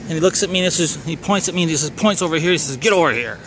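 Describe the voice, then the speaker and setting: A man's voice: fairly high pitch, fairly even intonation, rapid-fire, fairly bright tone, a little hiss or hum. A middle-aged man from Minnesota with a Minnesotan accent, telling a casual personal story in a wry, rambling way that doubles back to correct himself.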